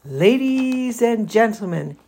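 A woman's voice: on the high side, animated, slow, dark tone, voice pushed up, full character voice. A woman reading as a pompous fair announcer. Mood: orating. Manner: formal, oratorical.

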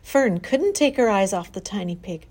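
A woman narrating a children's storybook aloud in an expressive reading style. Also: medium pitch, normal speed.

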